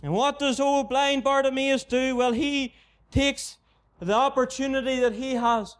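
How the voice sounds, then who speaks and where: Inside a mission tent, a man from Northern Ireland preaches a gospel sermon in a very high voice that stays flat and even. His tone is clear and resonant, his pace measured, and he keeps repeating his appeals to the unbeliever with steady earnestness.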